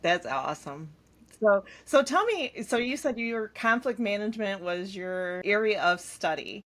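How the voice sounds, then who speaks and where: A woman hosting a podcast, asking questions and cheering her guest on in relaxed, playful banter. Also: mid-range voice, a little slow. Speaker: podcast host. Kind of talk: casual podcast conversation.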